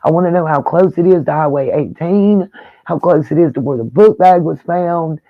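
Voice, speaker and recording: A man's voice: on the high side, normal speed, no echo, phone-quality sound. A man hosting a casual livestream, talking straight to his viewers in an emotional, rambling way. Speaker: livestream host.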